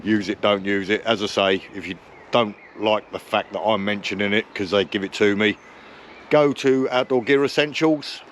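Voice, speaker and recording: A man's voice: fairly low pitch, moderate pace, a bit bright, a little hiss or hum. A man chatting casually to camera on a woodland camping vlog, rambling and correcting himself with jokes. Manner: jokey, rambling, self-correcting. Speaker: camping vlogger. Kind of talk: casual outdoor vlog talk. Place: woodland outdoors.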